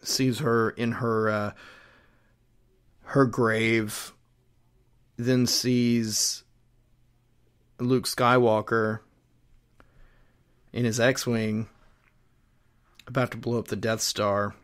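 A man's voice: mid-range voice, little pitch movement, extremely slow, pauses often. A man casually retelling a comic book storyline, rambling with plenty of fillers and restarts. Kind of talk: casual chat.

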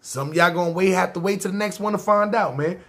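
This is a New man who narrates his own life to camera. He speaks in loose street slang and keeps checking in with "see what I'm saying." His voice sits a bit higher than most men's. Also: fast talker, a bit bright. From New York. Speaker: YouTube storyteller. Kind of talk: casual personal storytelling.

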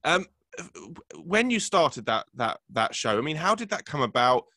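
A man hosting an interview, asking questions in a lively, complimentary way. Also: a little high, normal speed, dry recording, studio quality. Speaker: interview host. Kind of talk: conversational interview.

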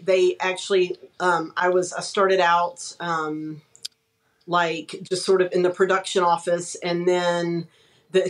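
A woman's voice: on the low side, poor audio. A woman from East Texas, an author guest in a casual interview, modest and easygoing, trailing off with fillers.

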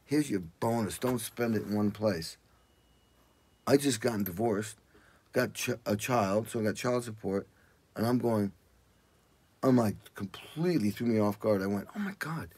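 An older man with a slightly husky voice tells road stories with lots of energy. He jumps into loud, high voices when he acts out what people said. The sound is close and dry, with no room around it. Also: normal speed, long pauses, no room sound. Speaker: guest drummer telling stories. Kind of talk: casual interview storytelling.

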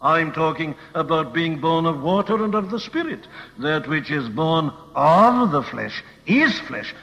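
A man's voice: a little high, big pitch swings, a little slow, a bit bright, exaggerated voice. A man voicing a firm religious teacher who emphatically rebukes and corrects a skeptic. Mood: rebuking. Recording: old dull recording in a reverberant hall.

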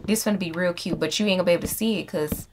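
Against a noisy background, a woman with a lowish voice talks very fast while hosting casual let's-play commentary. She's chatty and profane with her viewers and speaks to the animals in the game.

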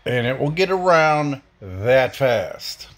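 A man's voice: mid-range voice, very animated, slow pace. A man delivering a blunt, profane, heated opinion rant as a podcast host.

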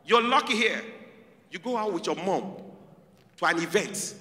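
Nigerian male stand-up, high and bright, echoey hall sound. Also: normal speed, pauses often. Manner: lively, animated storytelling. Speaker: stand-up comedian. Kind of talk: stand-up comedy. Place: large hall with audience.

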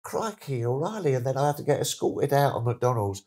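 A middle-aged man tells stories as an interview guest, chatty and animated, slipping into excited voices when he quotes people. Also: mid-range voice, fairly quick. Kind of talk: casual storytelling interview.

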